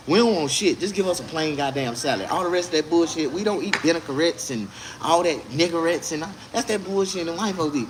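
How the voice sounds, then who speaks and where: Man, fairly high voice, very lively pitch, indignant profane rant, noisy recording. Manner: animated, indignant, swearing. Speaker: vlogger.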